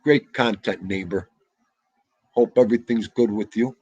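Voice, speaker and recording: A man hosting a casual livestream, loud and excitable, chatting straight to his viewers. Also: fairly low pitch, measured pace, husky, dry recording, dull audio. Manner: loud, excitable, talks to chat. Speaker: livestream host.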